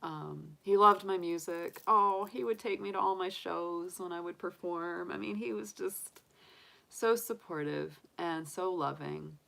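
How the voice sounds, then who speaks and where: A woman's voice: fairly low pitch, measured pace, vocal fry, fairly bright tone. A woman, hosting a tarot live stream, chatting openly and emotionally with viewers and laughing often. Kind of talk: casual live-stream chat.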